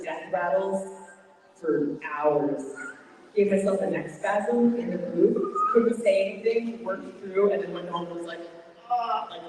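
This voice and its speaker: A woman's voice: on the low side, warm tone. Chatty woman on a panel in an echoing hall. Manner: chatty, self-deprecating, laughs often. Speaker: voice actor panelist. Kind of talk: convention panel chat. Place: large convention hall. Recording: echoey hall, distant mic, crowd noise.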